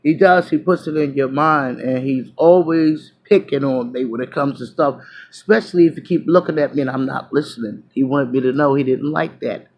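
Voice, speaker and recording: Woman chatting to her viewers, swings from loud to quiet, lots of ums and restarts. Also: very deep voice, brisk, poor audio. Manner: animated, drifts between loud exclamations and hushed asides; chatty, many fillers and restarts. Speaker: vlogger. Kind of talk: casual storytelling to viewers.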